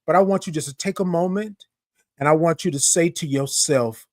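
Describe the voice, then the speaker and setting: A man's voice: on the high side, no room sound, studio quality. Chatty livestream host, man. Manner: chatty, greets viewers by name, drawn-out sung "good morning". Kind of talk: casual livestream talk. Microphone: microphone close to face.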